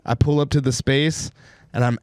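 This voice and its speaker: A man's voice: medium pitch, steady tone, normal speed, darkish tone, clear, resonant tone, dry recording. A young man spins a rambling, profane story in casual podcast chat. His voice sits mid-range and the recording is dry and close, with no room around it. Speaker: podcast co-host. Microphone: podcast studio microphone.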